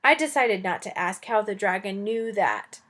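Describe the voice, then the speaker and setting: A woman's voice: medium pitch, expressive, normal speed, fairly bright tone. A woman teacher reading a children's novel aloud expressively, adding chatty asides to her listeners.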